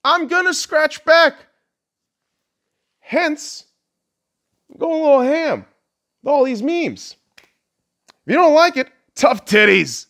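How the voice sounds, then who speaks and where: Lively, crude ranting man. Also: very high voice, slow, long pauses. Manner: blunt, crude, mocking; laughs at own jokes. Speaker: podcast host. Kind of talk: profane solo rant.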